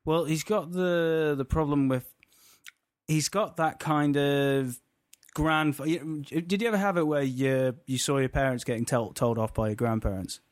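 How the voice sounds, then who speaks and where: A man's voice: fairly high pitch, fairly even intonation, unhurried, no room sound, clean studio sound. A man chatting casually as a podcast co-host, rambling and restarting his thoughts as he goes. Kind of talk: casual chat.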